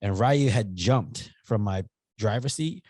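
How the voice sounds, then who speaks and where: Casual, low-voiced man telling stories. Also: slow pace, no echo. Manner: rambling, animated storytelling with frequent swearing. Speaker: podcast co-host. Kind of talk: casual chat.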